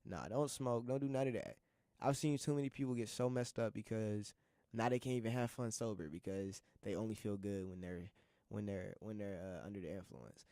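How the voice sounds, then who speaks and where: A young male college radio host speaks from a studio mic in a smooth, resonant voice. The sound is close and dry, with no room around it. He rambles in a loose, slangy way and circles back over his own phrases. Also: mid-range voice, a little fast, darkish tone, no room sound. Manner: rambling, repeats himself, slangy and heartfelt. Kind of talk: casual solo monologue.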